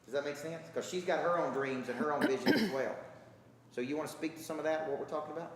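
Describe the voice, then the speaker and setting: Quick-paced and on the high side, this man coaches a live audience in a large hall, emphatic throughout and repeatedly checking in with rhetorical questions. The recording comes from a distance in the echoey space.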